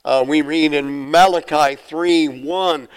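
A man's voice: fairly high pitch, fairly even intonation, slow, clear, resonant tone, rough recording. A man preaching an expository sermon, reading scripture aloud and explaining it verse by verse. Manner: acts out the questioners' lines in a raised voice.

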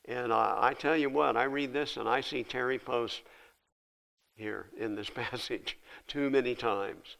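A man's voice: mid-range voice, steady tone, measured pace, creaky, a bit bright, poor audio. Older male pastor, folksy preacher who acts out Bible dialogue with a mid-range voice. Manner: folksy preaching, dramatic retellings of scripture dialogue. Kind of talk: sermon.

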